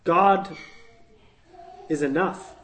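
Man, Bible teacher, conversational, thinking aloud, somewhat high-pitched. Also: drawn-out words, a bit bright, rough recording.

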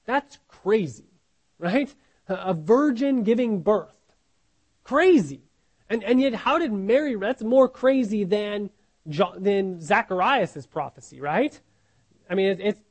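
An earnest male preacher teaching from scripture, his voice sitting high. He asks the listeners question after question, often restarting words and tagging lines with "right?". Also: animated, unhurried, poor audio. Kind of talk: sermon, Bible teaching.

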